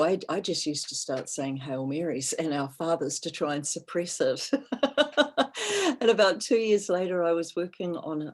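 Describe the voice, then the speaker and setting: A woman healer telling a personal story in casual podcast chat, animated when she quotes others and dropping softer at times. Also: low voice.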